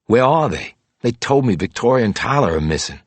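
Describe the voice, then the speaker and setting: A man voicing a gruff, injured older father in an audiobook, speaking with agitation. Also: mid-range voice, big pitch swings, a little fast, no room sound, pitched above the performer's own voice. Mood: gruff, worried.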